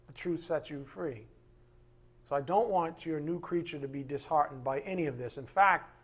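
A man pastor preaching a sermon with emphatic, impassioned delivery, acting out quoted voices along the way. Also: a little high.

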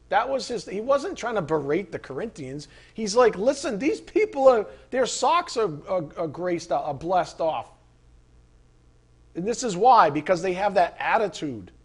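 A man preaching a sermon, conversational and animated, asking the listeners rhetorical questions. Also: sits high. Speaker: pastor.

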